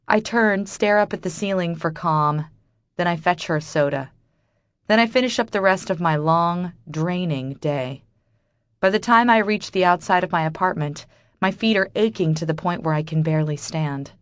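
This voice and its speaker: Low-voiced woman narrating an audiobook. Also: normal speed, no echo. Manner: bitter, wry inner monologue. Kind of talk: first-person audiobook narration.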